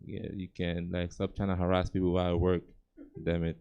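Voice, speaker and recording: A young Gambian man does a relaxed, conversational stand-up set on a comedy club stage, laughing at his own jokes into a handheld mic. His voice is low, level, and fairly quick, warm and clean, though the recording sounds lo-fi.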